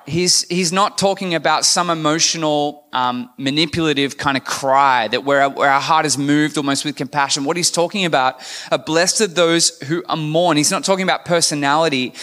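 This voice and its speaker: A man's voice: a little high, a bit bright, big-room sound. A man preaching a sermon in a candid, conversational manner, asking his congregation questions. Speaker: pastor.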